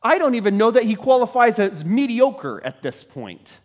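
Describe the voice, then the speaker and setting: A man preaching a sermon, telling a story dramatically and swinging from loud to hushed. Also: very high voice, very animated, moderate pace. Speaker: pastor.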